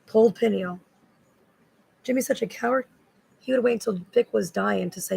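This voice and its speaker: A woman's voice: a little high, moderate pace, creaky, darkish tone, slightly rough, poor audio. A woman in a rambling, agitated spoken monologue that loops back on the same words.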